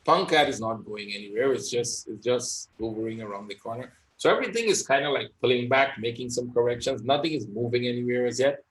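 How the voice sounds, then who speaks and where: A man's voice: medium pitch, animated, a little fast, hardly any pauses. A man giving live trading session commentary as an instructor, thinking aloud and often tagging his points with "right?".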